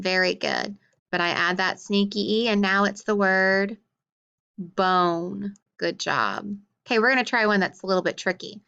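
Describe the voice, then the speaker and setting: A woman teaching a phonics lesson to young children, patient and encouraging, sounding words out slowly. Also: medium pitch, vocal fry, bright, forceful tone, clean tone, dull audio.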